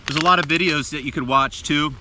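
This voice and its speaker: A man's voice: a little high, a little fast, bright, forceful tone. A man hosting a live video, talking casually and rambling with many fillers while walking uphill and out of breath. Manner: rambling, full of fillers and asides. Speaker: host of a live video channel. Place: outdoors, walking up a hill. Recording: outdoor traffic noise. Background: street and vehicle noise.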